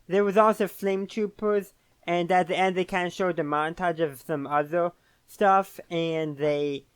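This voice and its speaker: A man's voice: high-pitched, fairly even intonation, measured pace, smooth, no room sound. A man hosting a casual video game commentary, rambling and often correcting himself mid-sentence. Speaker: host.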